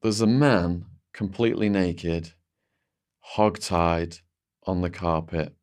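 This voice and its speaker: Male guest, lowish voice, vivid storyteller who restarts his sentences and leans on "like". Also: slow pace, darkish tone, clear, resonant tone. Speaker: interview guest. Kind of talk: recounting a personal story.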